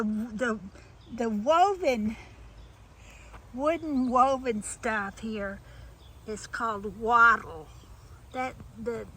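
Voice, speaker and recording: A woman's voice: a little high, pushed and bright, rough recording. A woman giving a rambling, chatty walk-through of her garden outdoors, restarting her sentences often. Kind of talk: casual walk-through tour.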